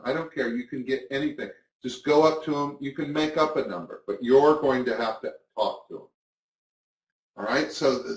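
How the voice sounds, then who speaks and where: Chatty man teaching magic, roomy sound. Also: medium pitch. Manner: casual, chatty, acts out patter to spectators. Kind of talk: instructional talk to camera.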